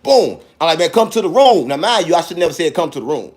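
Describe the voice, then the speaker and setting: A man telling a wild personal story in casual speech, acting out the dialogue and punctuating it with sound effects. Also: fast talker. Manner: animated, acts out dialogue with sound effects like "boom".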